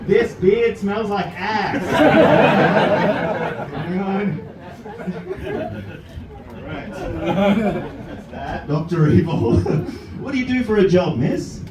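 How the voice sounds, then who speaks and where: A man doing a stand-up set with crowd work, loud and silly, chatting with the audience. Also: sits high, expressive, very slow, pauses often, far from the mic. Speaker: stand-up comedian. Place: comedy club stage. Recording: roomy club sound, mic heard from afar, loud crowd. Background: laughing club audience.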